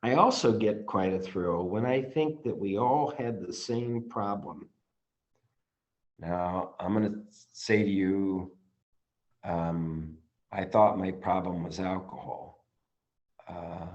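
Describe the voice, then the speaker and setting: Man, lowish voice, halting study leader reading aloud; slightly muffled lo-fi recording. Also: a little mellow. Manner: halting, with many ums and restarts; earnest, gets emotional at times. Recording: slightly dull, lo-fi audio.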